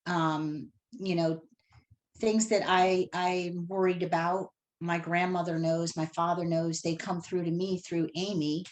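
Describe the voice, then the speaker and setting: A middle-aged woman calling in to tell an emotional personal story, animated and acting out the dialogue she recalls. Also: fairly low pitch, unhurried. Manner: animated retelling, acts out dialogue. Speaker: caller telling of a reading.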